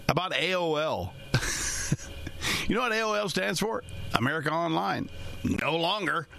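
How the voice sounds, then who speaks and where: A man's voice: a little high, lively intonation, slow, gravelly, long pauses, pushed and bright, slight background noise. A man in financial services giving a casual, rambling talk to his listeners, folksy in manner and chuckling often.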